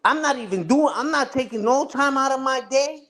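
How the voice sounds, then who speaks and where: A man's voice: very high-pitched, moderate pace, fairly bright tone. A man ranting casually on a livestream, taunting and repeating himself. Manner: taunting, repetitive, says "respectfully" and "you heard".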